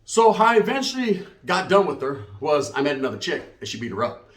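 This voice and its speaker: A middle-aged man tells a comic story in streetwise slang, tagging his lines with "right?". His fairly high voice is very animated and brisk, and there's a roomy echo.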